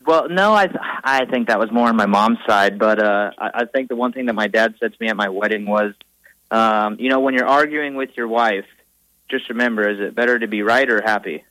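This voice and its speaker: A man's voice: on the low side, a little fast, sharp tone, dry recording, low-quality recording. A young married man calling in to a radio show, talking hesitantly with many fillers. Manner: hesitant, lots of ums. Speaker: caller. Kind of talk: phone-in chat.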